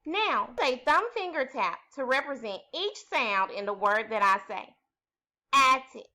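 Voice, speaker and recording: Slow, lively teacher woman, bright voice. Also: sits high. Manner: patient, sounds out each letter slowly. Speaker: first grade teacher. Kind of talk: slow, clearly articulated classroom instruction.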